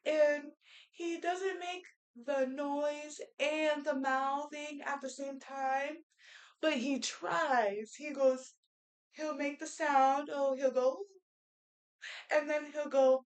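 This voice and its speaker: A woman's voice: high voice, poor audio. A young woman, a stay-at-home mother, talking casually to the camera in an earnest, rambling way, often restarting her sentences. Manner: rambling and earnest, with many restarts and baby-talk asides.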